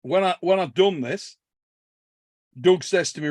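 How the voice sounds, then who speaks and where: High-voiced man telling stories. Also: measured pace, pauses often, no room sound. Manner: animated, swears a lot, laughs while telling stories. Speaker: podcast host. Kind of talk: casual storytelling chat.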